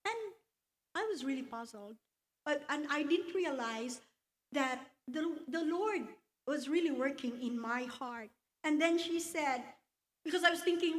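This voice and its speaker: A woman telling her personal faith testimony at a church luncheon, slow and earnest, quoting scripture along the way. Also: sits high. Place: church hall.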